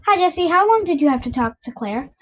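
A nervous preteen girl speaks in a high, uncertain voice, trailing off and restarting as she worries. A woman reads her lines aloud from a storybook. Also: lively intonation, fast talker, highs cut off. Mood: worried. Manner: hesitant, trailing off. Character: anxious preteen girl, unsure and thoughtful.

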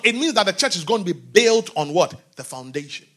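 Male preacher, lively sermon delivery with wide pitch swings, moving from shouted lines to quiet ones. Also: fairly quick. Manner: often asks the congregation questions.

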